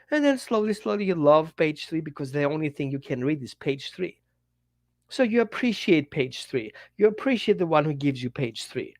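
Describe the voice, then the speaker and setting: A man with a fairly high voice teaches dog owners in an animated, direct way, talking straight to the viewer. His English has a slightly non-native turn of phrase, and he acts out little quotes as he goes. The sound is dry and close, with no room echo. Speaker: dog trainer. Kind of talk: direct-to-camera teaching talk.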